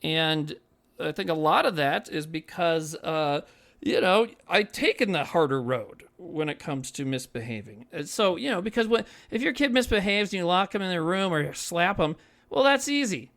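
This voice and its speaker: A man's voice: a little high, animated, moderate pace, fairly bright tone. Earnest, profane man chatting. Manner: profane, earnest, rambling with many fillers. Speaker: podcast co-host. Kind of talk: casual chat.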